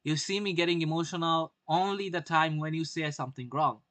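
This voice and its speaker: A brash young man narrates his live trades to a streaming audience, swearing often and quizzing viewers with rhetorical questions. His voice sits a little high and sounds bright and forceful. The recording is dry and close, with no room sound. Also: fairly even intonation, a little fast, dry recording. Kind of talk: live-stream market commentary.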